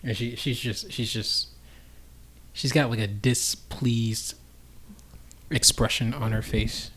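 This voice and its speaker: A man casually narrating scenes in a tabletop-style role-play, chatty and quick to laugh. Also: medium pitch, steady tone, a bit bright, slightly rough. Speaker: player narrating characters.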